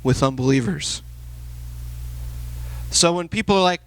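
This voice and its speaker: Casting: man in his thirties, youth pastor, lively conversational sermon, a little high-voiced. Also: normal speed. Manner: conversational, animated, acts out quotes.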